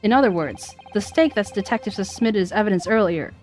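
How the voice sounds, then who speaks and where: A woman's voice: mid-range voice, animated, a little fast, a little mellow, faint music behind. Woman streamer reading game lines aloud. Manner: voices several characters, stumbles over names.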